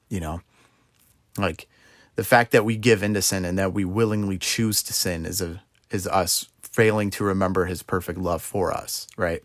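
A man's voice: lowish voice, vocal fry, no room sound, studio quality. A young man giving an earnest, conversational devotional talk, often adding "you know" as he explains. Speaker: Christian speaker.

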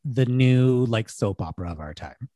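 A man's voice: mid-range voice, expressive, normal speed, mellow, dry recording. A man in his thirties chats casually as a podcast co-host, full of enthusiasm and peppered with "like". His voice is recorded dry and close, with no room sound. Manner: chatty, filler-heavy, enthusiastic. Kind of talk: casual chat.

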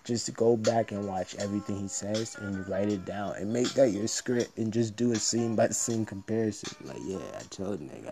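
A man's voice: lowish voice, vocal fry. A man talking through a trading strategy in a rambling, slangy, joking monologue. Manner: loose, slangy, joking, profane.

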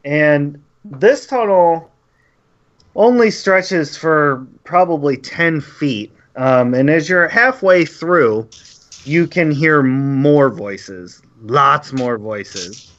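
A male game master describing the scene slowly, pausing often and filling the gaps with fillers. His voice sits at a middle pitch. The audio is muffled and lo-fi. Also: expressive, a bit bright. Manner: halting, with many fillers. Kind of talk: narrating a tabletop game. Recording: dull lo-fi audio.

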